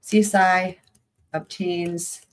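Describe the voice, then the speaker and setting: A woman with a lowish voice talks through case files in a casual, thinking-aloud way. She hesitates and restarts often, and slips in dry, sarcastic remarks. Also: level tone, slow. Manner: wry, sarcastic asides. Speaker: true-crime commentator. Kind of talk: casual commentary while reading case documents.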